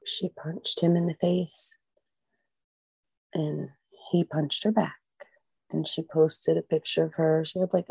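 A woman's voice: low voice, gravelly, dark tone, breathy edge, no echo. A middle-aged American woman with an American accent, rambling in an emotional interview as a guest, acting out quoted voices and filling with "like" and "you know.". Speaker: mother of a missing girl, guest.

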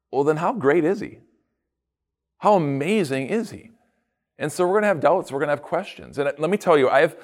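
A man, a pastor, giving a casual devotional talk with animated storytelling and playful asides. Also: mid-range voice.

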